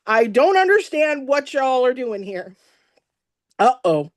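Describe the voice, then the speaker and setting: A woman speaking on stage with a fairly high voice, telling her own life story in an animated, emotional way. She laughs often, and her voice sometimes breaks as she speaks. The sound is dry and close, with little room echo. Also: takes it slowly. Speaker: event speaker. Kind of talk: personal story told on stage.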